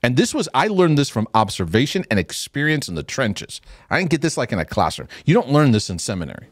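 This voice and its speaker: A man's voice: mid-range voice, fast, no room sound, studio quality. A middle-aged man, a former youth pastor, telling stories in casual teaching talk and acting out the quotes. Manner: animated storytelling with acted quotes and restarts.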